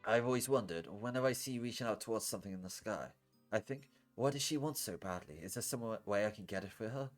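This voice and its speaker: A man's voice: fairly low pitch, fast, soft background music, voice pushed up, lightly acted. A man reading the lines of a brash but caring young man in a visual novel, blunt and name-calling. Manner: blunt, calls her names affectionately.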